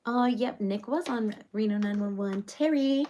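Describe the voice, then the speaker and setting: A woman's voice: medium pitch, moderate pace, mellow, a little hiss or hum, close to an everyday voice. A woman playing a rambling reality-show personality in a comedic parody monologue, chattering on with loads of fillers.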